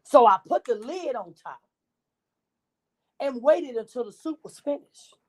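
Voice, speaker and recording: A woman's voice: high-pitched, expressive, a little slow, a little hiss or hum. A woman voicing a self-pitying male wolf who tells his own side of the story in a wheedling, innocent tone.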